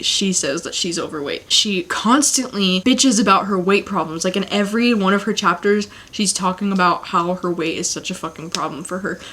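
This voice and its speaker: A young woman giving a casual, blunt book review rant, swearing often and sounding exasperated. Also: medium pitch. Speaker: book vlogger.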